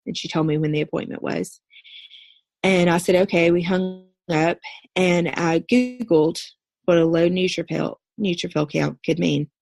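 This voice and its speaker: A woman in her thirties, a podcast guest, earnestly telling a personal story in a steady recounting way. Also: fairly low pitch, a little slow, vocal fry, no room sound. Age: 30s. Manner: earnest, steady recounting with brief quoted dialogue.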